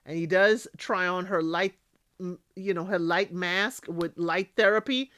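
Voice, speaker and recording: A woman's voice: fairly low pitch, a little slow, fairly bright tone, no echo. A woman hosting a casual recap of a reality TV show. She talks emphatically, scolds the people on the show directly and often tags her points with "okay?". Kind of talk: casual spoken recap and commentary.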